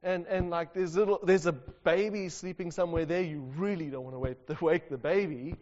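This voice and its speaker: A man preaching a sermon and telling a story, animated and often laughing. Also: on the high side, brisk. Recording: dull sound with long hall reverb.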